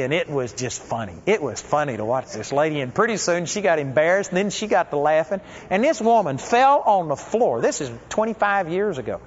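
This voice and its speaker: High-voiced preacher in an echoing hall. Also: male voice, slight background noise. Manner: conversational, folksy storytelling. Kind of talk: storytelling sermon. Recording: dull lo-fi recording with long hall reverb.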